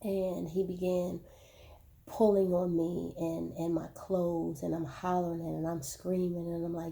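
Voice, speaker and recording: Woman telling her own story real slow, low steady voice, talks right to the viewers. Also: gravelly. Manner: slow, measured storytelling with repeated words. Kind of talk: personal testimony, spoken to viewers.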